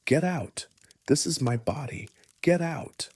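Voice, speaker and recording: Man playing a frantic possessed young woman screaming, husky edge. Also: fairly high pitch, expressive, slow pace, darkish tone, pitched above the performer's own voice, full character voice. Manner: screaming, desperate. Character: terrified young woman fighting a possessing spirit.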